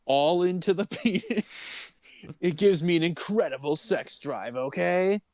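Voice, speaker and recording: A man's voice: high-pitched, expressive, unhurried, no room sound. A man co-hosting a podcast, chiming in with jokey asides and laughing during a casual movie chat. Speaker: podcast co-host.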